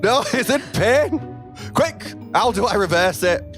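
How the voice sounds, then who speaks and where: A man's voice: sits high, lively intonation, measured pace, over music, pitched above the performer's own voice. A man doing a frantic northern-accented Elphaba. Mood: panicked. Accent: northern English. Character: Elphaba, young witch, panicked and defiant.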